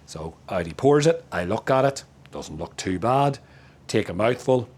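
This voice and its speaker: Low-voiced Northern Irish man, chatty. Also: expressive, normal speed, darkish tone. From Northern Ireland. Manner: chatty, laughs often. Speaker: beer reviewer. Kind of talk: casual chat review. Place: outdoors in a backyard.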